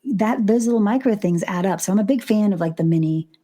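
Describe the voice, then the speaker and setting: A woman's voice: mid-range voice, fast, mellow. A middle-aged woman, a relationship coach, talking openly and encouragingly as a podcast guest. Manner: open, frank and encouraging. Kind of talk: casual podcast chat.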